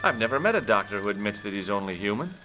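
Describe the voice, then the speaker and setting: Wisecracking male detective in a game, dry and sardonic, animated pitch. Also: rapid-fire. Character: wry adult male detective, dry humor. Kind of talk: game narration and dialogue. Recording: game audio with faint music.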